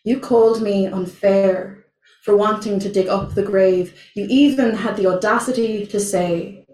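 Young woman doing slam poetry at an open mic, slow and heavy, echoey room, picked up from far back. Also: mid-range voice, fairly even intonation, dark tone. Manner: slow, deliberate and intense. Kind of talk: spoken word poetry performance. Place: small venue, indoors. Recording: roomy, from far off.

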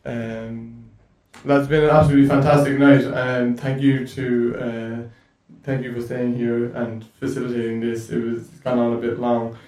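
A man's voice: medium pitch, little pitch movement, moderate pace, hardly any pauses, a little mellow. A man hosting a live poetry night, chatty and loose. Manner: loose, rambling, chatty with fillers. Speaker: event host. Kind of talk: casual stage announcements. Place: live venue in Cork. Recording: roomy live venue from far off, with audible noise.

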